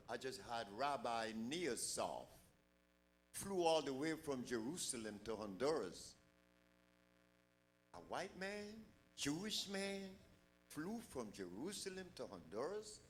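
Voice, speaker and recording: A man's voice: mid-range voice, slight background noise. An older man giving an emphatic public lecture to a large live audience, full of rhetorical questions.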